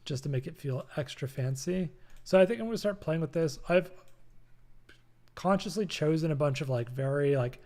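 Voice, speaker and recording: A man's voice: fairly high pitch, expressive, moderate pace, darkish tone. A young man hosting a casual live-streamed design tutorial from his apartment, talking loosely with many fillers and reading chat messages aloud. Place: home apartment.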